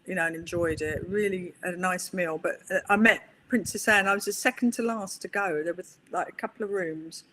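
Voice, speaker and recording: Woman, middle-aged, chatty podcast guest telling stories, animated. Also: lowish voice, fairly quick, few pauses, a little hiss or hum. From England. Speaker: guest, pool player. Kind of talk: interview conversation.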